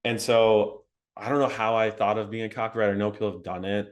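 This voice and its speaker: A young man talks through his story in a relaxed interview, his voice sitting low. He is animated and laughs often, peppering his speech with "like" and "um". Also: quick pace. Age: young adult. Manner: animated, laughing, frequent fillers like "like" and "um". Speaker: interview guest.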